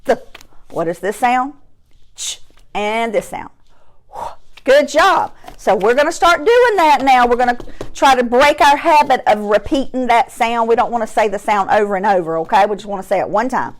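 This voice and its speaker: A woman's voice: fairly high pitch, animated, normal speed. A woman teaching a phonics lesson to young children, patient and sing-song, sounding out letters with exaggerated emphasis.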